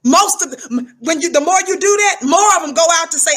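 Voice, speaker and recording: A middle-aged woman holds forth in an animated livestream monologue. Her voice sits high and rings bright. She hammers her points home by repeating words over and over. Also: fast, few pauses. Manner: emphatic, preachy, repeats words for effect. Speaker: livestream commentator.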